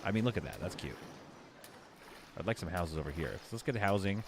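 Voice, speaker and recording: A man's voice: deep voice, animated, a little fast, background noise. A man giving casual live commentary while he plays a city-building game, rambling and correcting himself as he thinks aloud.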